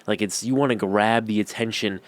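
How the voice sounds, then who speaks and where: A man's voice: lowish voice, fairly even intonation, brisk, no echo. A young man giving a casual on-camera lesson, rambling with lots of fillers and slang. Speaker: YouTube coach. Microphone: camera-facing.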